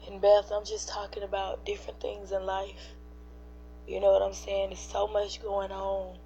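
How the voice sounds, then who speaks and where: Teary-eyed and earnest, a woman hosts a livestream to encourage her viewers, her medium-pitched, mellow voice flat in delivery and at a normal speed. She addresses the chat directly in an emotional, somewhat preachy way, over dull lo-fi audio with a faint hum.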